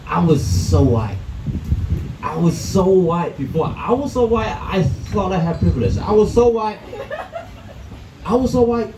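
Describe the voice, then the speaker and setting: Stand-up comic, man, stumbling delivery, a bit high-voiced, faint room hum. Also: sing-song, measured pace, pauses often, reverberant, far from the mic. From Vietnam. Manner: hesitant, many restarts and fillers. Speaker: stand-up comedian. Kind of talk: stand-up set. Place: comedy club.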